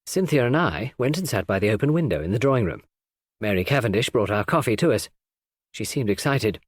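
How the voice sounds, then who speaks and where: A man narrating a classic novel in a measured storytelling read. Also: lowish voice, expressive, dry recording, studio quality. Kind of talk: audiobook narration.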